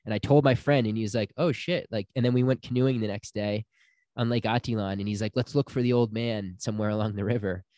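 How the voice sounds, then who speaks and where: A man's voice: lowish voice, quick pace, no echo, clean studio sound. A young man telling a personal story in casual chat, acting out the people he quotes. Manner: animated storyteller, acts out quotes.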